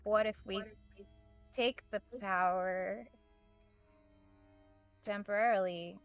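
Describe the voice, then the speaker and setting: A woman player speaks in character during a tabletop game, hesitant and thinking aloud. Her voice is mid-pitched. Soft music plays behind her. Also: fairly even intonation, takes it slowly, dull audio.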